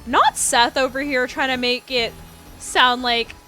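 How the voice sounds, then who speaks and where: A woman's voice: high-pitched, steady tone, unhurried, sharp tone, soft background music. A young woman in her twenties, chatting casually and sarcastically with her live-stream viewers while she plays, often giggling. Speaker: game streamer reading chat. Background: house beats playing under the voice.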